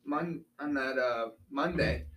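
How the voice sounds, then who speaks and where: A man's voice: mid-range voice, slow, a bit bright, distant mic, rough recording. Hesitant young man, a bit off-mic. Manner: hesitant, lots of ums and uhs. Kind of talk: casual storytelling chat.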